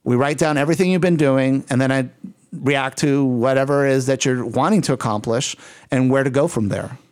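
A man co-hosting a podcast in a casual, energetic, rambling and playful way. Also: mid-range voice, fairly quick. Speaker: podcast co-host. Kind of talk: casual chat.

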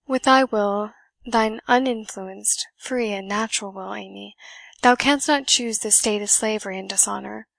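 A woman reading as a stern, reproachful young gentleman. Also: mid-range voice, normal speed, vocal fry, no echo. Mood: commanding.

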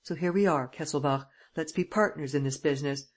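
A reader voicing a cunning gentleman thief who presses a bound prisoner in a harsh, insistent way, in an audiobook. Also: medium pitch, a little fast, breathy edge, natural voice.

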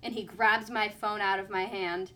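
Young woman rambling through a story, lots of "like", quoting people, mid-pitched voice. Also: fairly even intonation, normal speed, pushed and bright. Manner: chatty, lots of "like", quoting others. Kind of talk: casual storytelling.

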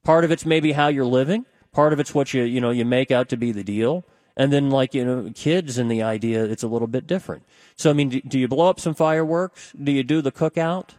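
A man's voice: mid-range voice, a little fast, darkish tone, no echo, studio quality. A man filling in as a radio talk host, rambling conversationally and tossing questions out to listeners on a call-in show. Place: radio studio.

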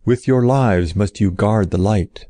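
A man voicing a compassionate woman who leads a sacred temple, speaking in solemn, measured commands. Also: lowish voice, warm tone, no room sound, studio quality, close to an everyday voice.

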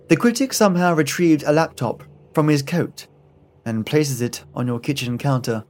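A man narrating a scripted horror story in the second person, in a measured storytelling manner. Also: mid-range voice, animated, darkish tone, faint music behind.

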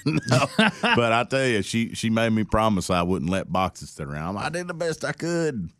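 Deep-voiced man telling stories. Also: moderate pace, no echo, studio quality. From Tennessee. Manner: animated storyteller, acts out voices with laughs. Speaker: country singer guest. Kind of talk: casual interview storytelling.

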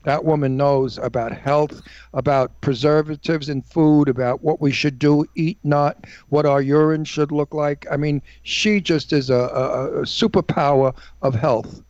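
A male radio co-host speaks with emphatic enthusiasm during a live show. His voice is a little high. The studio recording is dry and slightly muffled. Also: steady tone, unhurried, a little mellow, no echo. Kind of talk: casual live radio chat. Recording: dull, dry studio sound.

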